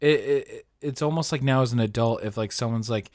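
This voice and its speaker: A man hosting a podcast, rambling through a story full of "like"s and the odd curse, mid-pitched and lively. His voice is dry and close to the mic, with no room around it. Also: brisk, few pauses, no echo. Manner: rambling, animated storytelling with swearing and fillers. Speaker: podcast host. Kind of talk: casual chat.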